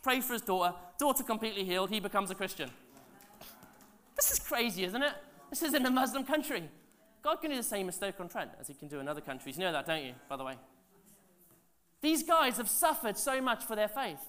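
Male pastor, lively sermon storyteller, loud then hushed, chatty asides. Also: high-pitched, a little fast. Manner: animated, swings between loud and hushed.

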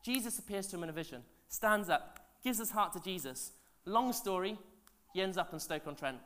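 A man, a pastor telling stories in a sermon, animated and chatty with asides to the congregation, his voice swinging from loud to hushed. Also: sits high, fairly quick. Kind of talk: sermon storytelling.

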